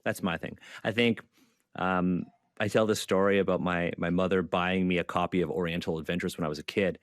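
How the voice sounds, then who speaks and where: A man's voice: low-pitched, fairly even intonation, brisk, no echo, studio quality. A man speaking earnestly as a panelist in an online panel discussion, repeating his key points with frequent fillers. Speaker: panelist and zine creator.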